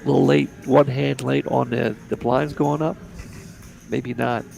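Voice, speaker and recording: A man's voice: mid-range voice, steady tone, unhurried, gravelly, darkish tone, faint music behind. A man giving easygoing, chatty live commentary on a poker table from a booth. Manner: chatty, easygoing, repeats words. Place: commentary booth at a card room.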